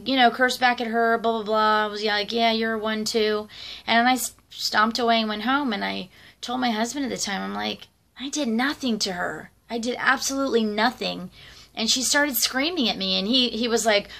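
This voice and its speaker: Gravelly middle-aged woman telling stories. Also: a little high, bright, forceful tone. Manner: rambling, conversational, many fillers and asides. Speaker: vlogger. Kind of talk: casual personal storytelling.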